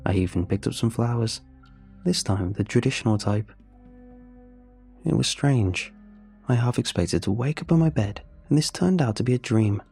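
A man tells a first-person horror tale in a measured, scripted delivery. His voice is dark and husky, and faint music runs underneath. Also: medium pitch, animated. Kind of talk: scripted horror story narration.

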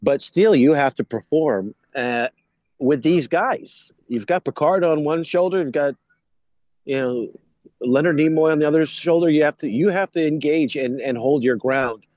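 A man's voice: fairly high pitch, normal speed, darkish tone, no echo, lo-fi sound. A man co-hosting a casual chat show, enthusiastic and laughing a lot. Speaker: podcast co-host.

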